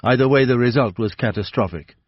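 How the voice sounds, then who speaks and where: A man voicing a calm, patient older police inspector who lays out his reasoning steadily. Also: mid-range voice, slightly rough, no echo, lo-fi sound, natural voice. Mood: probing. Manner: measured, quietly probing.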